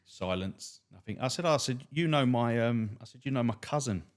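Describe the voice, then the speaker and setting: This cab driver and stand-up comic speaks in a mid-range voice at a normal speed. On a podcast, he tells blunt, profane anecdotes in a deadpan style, swearing throughout.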